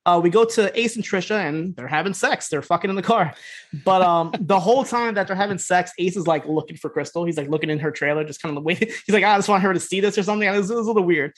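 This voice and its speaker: A man's voice: high voice, fast. A man co-hosting a podcast, recapping episodes in a rambling, casual way, swearing freely and acting out the characters' lines. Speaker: podcast co-host.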